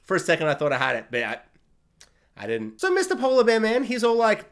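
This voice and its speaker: Self-mocking Australian male reviewer with a lively, bouncing delivery. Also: high-pitched, fast. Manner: rambling, self-mocking, laughs often. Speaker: video reviewer. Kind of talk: casual video review.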